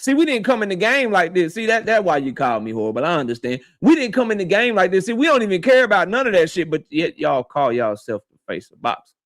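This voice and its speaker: A man with a high-pitched voice rants as a boxing channel host, speaking straight to the person he is calling out. He is confrontational and swears freely. He hammers each point by saying it more than once. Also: big pitch swings, fast, no echo, studio quality. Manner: confrontational, profane, repeats his points; addresses his target directly. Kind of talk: heated commentary rant.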